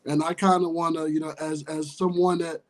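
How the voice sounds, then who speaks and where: A man's voice: a little high, flat delivery, rough recording. A man calling into a live sports chat stream, speaking earnestly and carefully with lots of "you know" and "kinda.". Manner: earnest, measured, full of fillers. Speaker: caller joining the stream. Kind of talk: casual chat.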